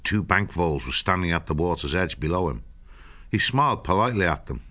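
A man narrating a storybook in a measured, steady way. His voice sits very low and the recording is dry and close, with no room sound. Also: dry recording. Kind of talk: scripted audiobook narration.

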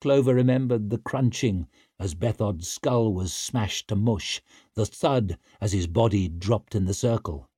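A man narrating an audiobook in a steady, measured storytelling voice. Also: lowish voice, husky, no room sound, studio quality.

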